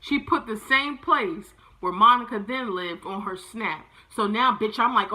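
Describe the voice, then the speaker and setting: A young adult woman telling a storytime rant straight to her viewers, animated and exasperated. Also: on the high side, a little slow, few pauses, poor audio. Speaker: vlogger. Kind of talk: casual storytime rant to camera.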